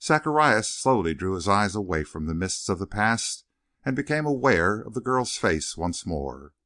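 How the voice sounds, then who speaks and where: A man narrating a western novel in an expressive storytelling manner, recorded close to the mic. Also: lowish voice, normal speed, no echo. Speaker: audiobook narrator.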